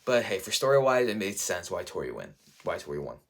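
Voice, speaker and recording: Excitable young-sounding man rambling casually. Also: deep voice, brisk, gravelly, slight background noise. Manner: enthusiastic, rambling, heavy use of "like", "dude" and "bro". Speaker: reviewer.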